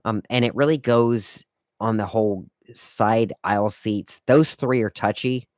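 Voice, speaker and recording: Man, podcast host, low-pitched, dry close recording, casual solo talk, wry lecturing tone. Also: measured pace, a little mellow, no room sound. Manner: wry, lecturing etiquette tips.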